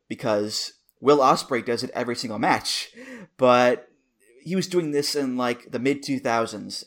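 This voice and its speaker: A man in his thirties co-hosting a podcast, chatting casually and enthusiastically, laughing easily as he reminisces. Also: mid-range voice. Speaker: podcast co-host. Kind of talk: casual chat.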